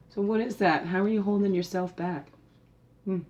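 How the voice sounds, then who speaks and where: A spiritual guide hosts her podcast in a casual, animated way, laughing often and putting questions to the listener. She talks briskly in a fairly low, darkish voice, and the sound is lo-fi.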